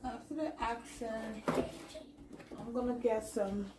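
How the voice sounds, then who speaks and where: A woman's voice: on the high side, fairly even intonation, takes it slowly, very noisy. A woman chatting casually as she cooks in her home kitchen, naming each step as she goes. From Liberia. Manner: chatty, narrates each step while cooking. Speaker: cooking vlogger. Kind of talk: casual cooking chat.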